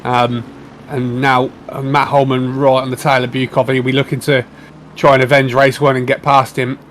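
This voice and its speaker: A man as co-commentator on a sim race, giving relaxed, conversational analysis. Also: mid-range voice, moderate pace, slight background noise.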